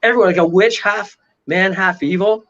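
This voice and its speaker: A man's voice: high-pitched, normal speed, fairly bright tone, slight background noise. A man, a paranormal investigator, telling a story dramatically as a guest and acting out the voices and sounds in it. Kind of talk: animated storytelling. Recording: dull lo-fi audio.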